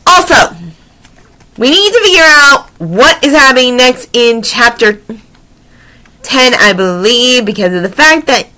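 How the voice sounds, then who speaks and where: A woman's voice: a little high, expressive, unhurried, pauses often, sharp tone. A woman hosting a storytime show, chatting casually to her listeners and emphatically repeating her pleas. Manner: emphatic, repeats herself pleadingly. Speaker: storytime host.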